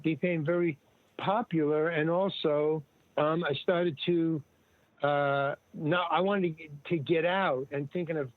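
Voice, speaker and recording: A man's voice: a little high, no echo. An older man telling stories in a rambling, digressive way, often restarting and quoting other people. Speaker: guest. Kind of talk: rambling casual storytelling. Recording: tinny phone-like line, dry.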